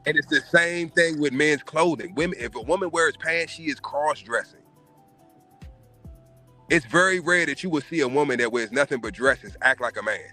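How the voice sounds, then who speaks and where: A man's voice: a little high, moderate pace, sharp tone, faint music behind. A man hosting a casual podcast, giving emphatic, profane opinions. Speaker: podcast host.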